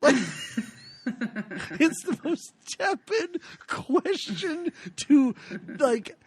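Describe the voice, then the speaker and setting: A woman hosting a podcast, retelling movie scenes in an animated way and giggling often. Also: mid-range voice, slow, dry recording. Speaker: podcast host. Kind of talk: casual movie review chat.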